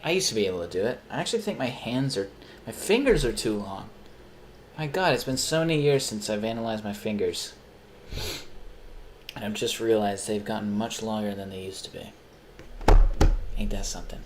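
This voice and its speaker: A man's voice: lowish voice, animated, moderate pace, pauses often, a little hiss or hum. A young man chatting casually on a live stream while he plays games, rambling, swearing freely and poking fun at himself. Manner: rambling, profane, self-mocking.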